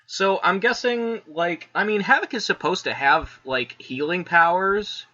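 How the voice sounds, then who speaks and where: Chill guy recapping a comic, kinda high voice, lots of "like", muffled lo-fi sound. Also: measured pace, bright, forceful tone. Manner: laid-back, lots of "like" fillers, laughs often. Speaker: podcast co-host. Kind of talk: casual comic review chat.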